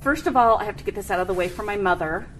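A woman's voice: medium pitch, racing, noisy background. A woman hosting an interview, asking chatty questions with frequent giggles. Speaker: radio host.

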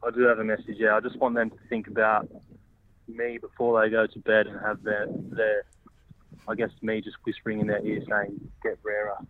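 A man's voice: lowish voice, completely flat delivery, brisk, noisy background. A man, speaking as a guest on a comedy podcast and rambling in a laid-back way with lots of fillers. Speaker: guest cricketer. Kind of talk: comedic podcast interview over a phone line. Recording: tinny phone line.

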